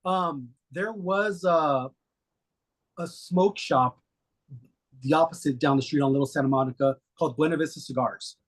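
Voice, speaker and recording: Husky-voiced man telling stories. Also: on the high side, normal speed. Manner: relaxed, rambling, many fillers. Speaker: guest. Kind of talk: casual storytelling interview.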